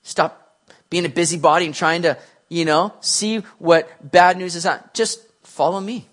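Preacher playing a gentle teacher, lower and softer, casual. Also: male voice, a little slow. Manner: calm, casual, low-key. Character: calm, gentle grown man teacher.

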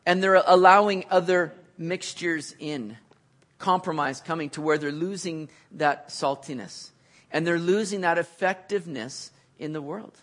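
A man preaching a sermon, earnest, building to emphatic peaks and then dropping back low. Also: measured pace, fairly bright tone.

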